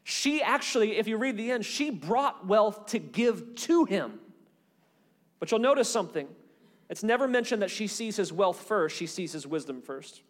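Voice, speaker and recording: A man preaching with a high, light voice, reading scripture aloud and retelling its stories with lively acted-out voices. His voice rings with a long hall reverb. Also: normal speed. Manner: animated storytelling, acts out voices in Bible stories. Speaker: pastor. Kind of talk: sermon.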